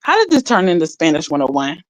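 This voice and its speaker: A woman's voice: deep voice, very animated, quick pace, no room sound, rough recording. A woman chatting casually on a livestream, rambling and laughing as she reads her viewers' chat aloud.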